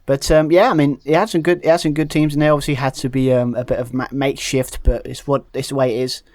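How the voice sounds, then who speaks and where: A man's voice: medium pitch, little pitch movement, fast, darkish tone, no echo, studio quality. A man co-hosting a wrestling podcast, rambling with many fillers and restarts and laughing often. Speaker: podcast co-host. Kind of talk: casual chat.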